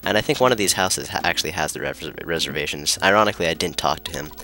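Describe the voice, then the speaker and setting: A man's voice: sits low, quick pace, sharp tone. A man giving loose, sarcastic commentary while playing a video game, joking and reading lines aloud. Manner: sarcastic, rambling jokes, reads lines aloud. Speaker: let's play commentator. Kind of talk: casual gameplay commentary.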